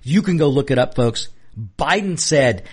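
Impassioned man with a husky voice. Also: a little high, expressive, moderate pace. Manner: impassioned, emphatic, repeats himself. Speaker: political commentary host. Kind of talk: opinion monologue.

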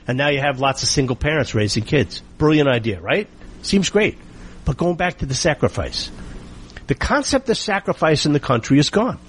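A man's voice: a little high, very animated, fairly quick, fairly bright tone, a little hiss or hum. A middle-aged man from the United States delivering an indignant opinion monologue, full of rhetorical questions and emphatic repetition. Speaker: political commentator.

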